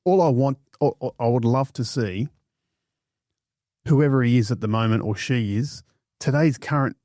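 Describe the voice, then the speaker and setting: A man co-hosting a podcast, with a mid-pitched, warm, mellow voice. He is chatty and poses questions, tossing in the odd crude joke. The recording is close and dry. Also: moderate pace, dry recording. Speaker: podcast co-host. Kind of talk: casual podcast chat.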